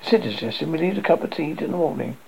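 A man's voice: fairly high pitch, lively intonation, very fast, creaky, darkish tone, husky, lo-fi sound. A man narrating his memoir aloud in a wry, self-mocking way. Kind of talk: memoir reading.

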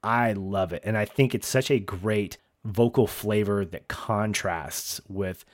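A man's voice: fairly low pitch, takes it slowly, dry recording, studio quality. A man from the American South, co-hosting a podcast and chatting enthusiastically about a TV show, laughing often. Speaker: podcast co-host. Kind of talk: casual chat recapping a TV show.

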